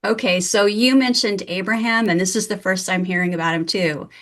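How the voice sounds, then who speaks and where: A woman's voice: medium pitch, steady tone, a little fast. Woman podcast host with a mid-range voice, friendly and inquisitive, asks probing follow-ups. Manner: curious, probing questions, friendly. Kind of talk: interview conversation.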